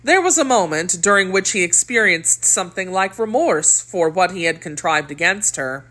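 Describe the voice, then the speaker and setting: A woman reading an audiobook of a classic novel in a measured, expressive storytelling manner. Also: lowish voice. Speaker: audiobook reader. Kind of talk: audiobook narration.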